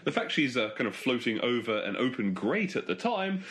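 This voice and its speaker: A man's voice: medium pitch, very animated, normal speed, a bit bright. A man joining a casual group chat with jokey, teasing interjections.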